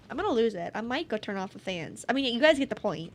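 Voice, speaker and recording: A woman's voice: a little high, sing-song, fast, few pauses. A woman YouTuber giving casual gameplay commentary at her desk mic, easily exasperated and breaking into outbursts and laughs. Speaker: gaming YouTuber.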